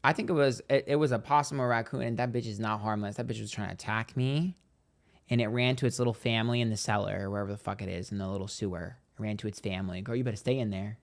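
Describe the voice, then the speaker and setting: A man hosting a psychic livestream, telling stories in a sassy, dramatic, profane way, speaking quietly on a train. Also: lowish voice, fast. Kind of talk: casual livestream chat.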